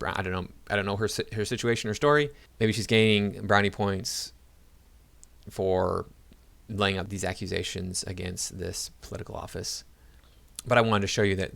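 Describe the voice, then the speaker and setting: A man's voice: on the low side, vocal fry, sharp tone. A man giving casual reaction commentary to his viewers, rambling with many fillers and restarts. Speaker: video commentator.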